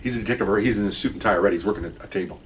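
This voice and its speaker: A former police detective, a man with a fairly low voice, tells stories from his time on the job at a brisk pace. His talk is casual and rambling, full of restarts, and he animates the people in his anecdotes by acting out their words.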